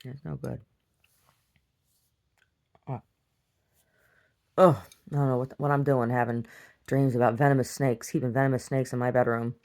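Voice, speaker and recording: A woman vlogger casually retelling a dream in a rambling, animated way, full of restarts. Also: rumbling low, normal speed, long pauses. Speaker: video diary vlogger. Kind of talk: casual storytelling to camera.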